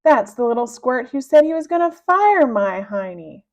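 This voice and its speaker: A woman voicing a cranky adult woman teacher who shouts in shrill indignation. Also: sing-song, normal speed. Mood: indignant. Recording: dull low-fidelity sound.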